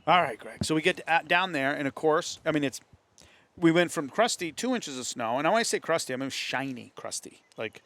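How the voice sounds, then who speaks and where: A man's voice: a little high, animated, brisk, fairly bright tone, dry recording. A man with a New England accent telling a hunting story in casual talk among friends, acting out the voices of others. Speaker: host. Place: hunting camp.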